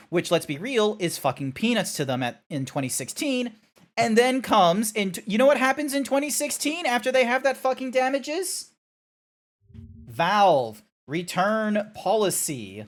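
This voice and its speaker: A man streaming live, chatting casually with viewers in a rambling, sidetracking way, swearing and filling pauses with nonsense sounds. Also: high voice. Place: Australia.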